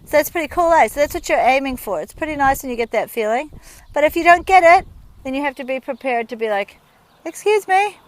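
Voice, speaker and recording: High-voiced New riding instructor. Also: female voice, animated, fast, no room sound. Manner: friendly, chatty, explains with everyday examples. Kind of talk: instructional talk while riding. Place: outdoors at a rural horse yard.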